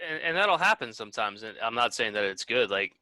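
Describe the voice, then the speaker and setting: Easygoing man with a bright voice. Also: on the low side, sing-song, fairly quick. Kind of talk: casual chat.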